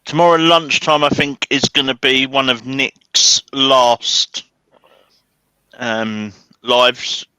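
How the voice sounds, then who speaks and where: Jokey male guest, bright tone, dead-dry mic. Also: mid-range voice, fairly even intonation, takes it slowly, clear, resonant tone, dry recording, poor audio. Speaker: woodturner guest. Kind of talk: casual stream banter.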